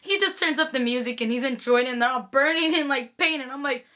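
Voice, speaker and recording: Young female vlogger, high and bright, gushing casual recap delivery. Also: fast talker. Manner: gushing, chatty, lots of "like".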